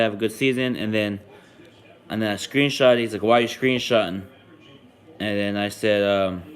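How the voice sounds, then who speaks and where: A young man hosting a sports podcast, chatting casually and rambling with frequent ums and restarts. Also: fairly low pitch. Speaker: podcast host.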